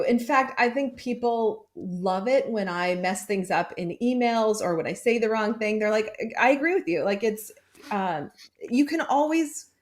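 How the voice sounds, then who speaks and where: A woman sales coach speaking as a podcast guest, encouraging and laughing easily. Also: medium pitch. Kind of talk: podcast interview.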